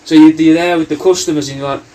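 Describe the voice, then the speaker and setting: Man, slightly high voice, rambling, sweary, slangy, comic monologue. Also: fairly even intonation, fast, warm tone. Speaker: comedian recording a personalised video message.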